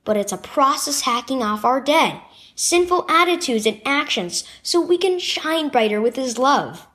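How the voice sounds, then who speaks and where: A woman voicing a calm oldest brother who patiently explains things in a storybook reading. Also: sits high, a little slow, heavily acted. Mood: earnest.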